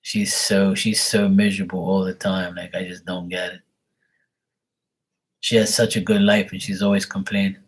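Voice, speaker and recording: Man, husky voice, lowish pitch, rambling livestream chat, swears a lot. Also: flat delivery, moderate pace. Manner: exasperated, rambling, swears freely. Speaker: live tarot reader.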